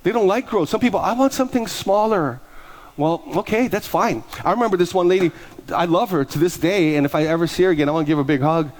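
A man's voice: fairly high pitch, fast talker. A middle-aged male pastor preaching a sermon, telling stories and acting out the voices of people in them. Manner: animated, acts out dialogue in quoted voices. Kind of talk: sermon with storytelling.

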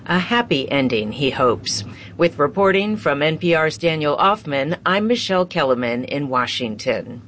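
A woman correspondent reading a scripted radio news report in a measured way. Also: low voice, animated, fairly bright tone, slight background noise.

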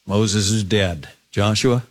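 A male pastor preaching, reading scripture aloud and adding expressive asides. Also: on the low side, slow. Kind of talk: sermon.

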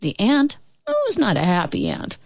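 A woman narrating a children's storybook aloud in an expressive, playful way. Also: medium pitch, moderate pace, gravelly, no echo, clean studio sound.

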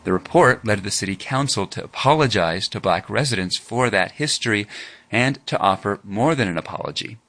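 A male radio news reporter with a fairly low voice, narrating a feature story. His delivery is measured and even, the steady cadence of scripted broadcast narration.

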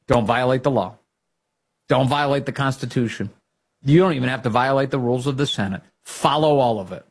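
Husky, fired-up male talk show host. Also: medium pitch, fairly quick. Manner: emphatic and fired-up, rising to loud exhortations. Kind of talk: opinionated commentary.

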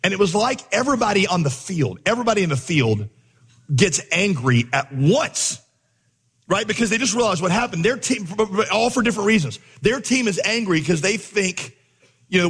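Husky-voiced preacher in a big reverberant hall. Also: male voice, high voice, quick pace. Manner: animated storyteller, acting out his own shouts as coach. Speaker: pastor. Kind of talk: sermon with a comic story.

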